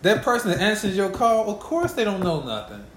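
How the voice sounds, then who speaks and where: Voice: mid-range voice, big pitch swings, a little fast. A person in casual conversation who teases, argues back, and cuts in to make their point. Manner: teasing, argumentative, interrupts. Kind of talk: casual chat. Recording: echoey room with faint background noise.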